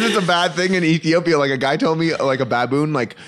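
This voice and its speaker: Animated man telling a wild story. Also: on the high side, fairly quick. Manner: animated, acts out quotes with yelps and laughter. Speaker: comedian guest. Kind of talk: casual storytelling chat.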